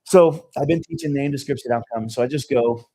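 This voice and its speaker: On stage at a live sales seminar, a male business coach tells stories conversationally and keeps checking in with "okay?". His mid-range voice is brisk and dark-toned, captured on a low-quality recording.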